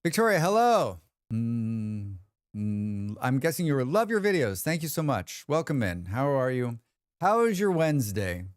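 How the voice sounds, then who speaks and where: A man's voice: medium pitch, unhurried, clear, resonant tone, no echo, studio quality. A man hosting a livestream, chatting casually with viewers and telling stories, acting out what others said and swearing freely. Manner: animated storyteller who acts out quotes and swears freely. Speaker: livestream host.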